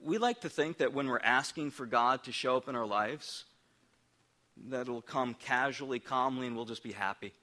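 Middle-aged male pastor, emphatic sermon delivery with stammered restarts, bright tone. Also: medium pitch.

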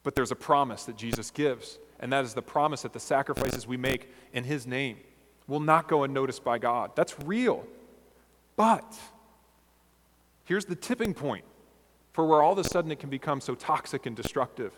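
A man preaching a sermon as a pastor, earnest and measured, asking his listeners rhetorical questions. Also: medium pitch, in a large hall.

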